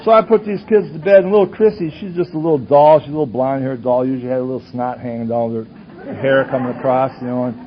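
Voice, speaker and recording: A man from Wisconsin telling his personal story at a recovery conference, speaking earnestly and asking rhetorical questions while his voice swings from loud to hushed. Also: mid-range voice, quick pace. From Superior, Wisconsin. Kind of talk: personal testimony talk. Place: conference hall with audience. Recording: dull lo-fi tape recording with faint hiss.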